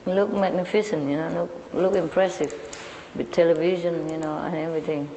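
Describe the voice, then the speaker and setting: A woman's voice: fairly low pitch, fairly even intonation, a little fast, dark tone, long reverb tail, a little hiss or hum, poor audio. Chatty woman storyteller who laughs often. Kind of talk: casual anecdote telling.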